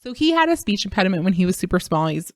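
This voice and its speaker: Animated podcast mom, dry close sound. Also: female voice, medium pitch, rapid-fire, no echo. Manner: animated storytelling, imitates kids' voices. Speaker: podcast co-host. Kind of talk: casual chat.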